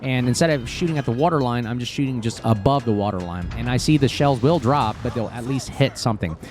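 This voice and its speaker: Brief: man, casual game commentator, chatty and excitable, mid-pitched, fillers throughout. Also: fast, slight background noise. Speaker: gameplay commentator.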